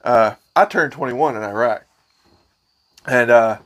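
A man's voice: mid-range voice, measured pace. A man in his thirties chatting casually as a podcast co-host, laughing easily and chiming in. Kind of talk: casual chat.

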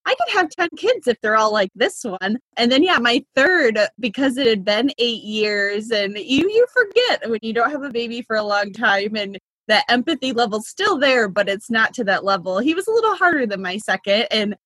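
Husky-voiced woman, chatty interview guest. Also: on the high side, animated, moderate pace, few pauses, fairly bright tone, no echo. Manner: chatty, laughs between thoughts, many "like" fillers. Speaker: midwife and business consultant.

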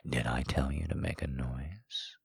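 A man putting on a stern, commanding male character from an erotic story he reads aloud, in a low menacing whisper as a whispered role-play. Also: fairly even intonation, a little slow, creaky, breathy edge, no echo, clean studio sound, full character voice.

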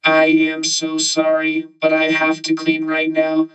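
A woman voicing a weary robot vacuum cleaner that talks in a flat, matter-of-fact way. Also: mid-range voice, a little slow, far from the mic, over music, close to an everyday voice, rough recording. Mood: apologetic.

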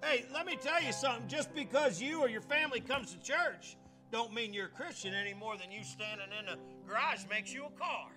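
An older man preaching a sermon as pastor, emphatic and conversational, climbing into shouted peaks, with faint music behind. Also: very high voice, animated, a little fast.

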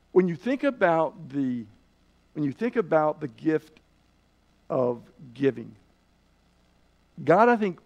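Man preaching, gravelly fry in a slightly higher voice, earnest storytelling, dull lo-fi sound. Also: a little mellow. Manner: earnest storytelling, slows down for emphasis. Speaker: Bible teacher. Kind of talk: sermon-style Bible lesson. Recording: dull lo-fi recording.

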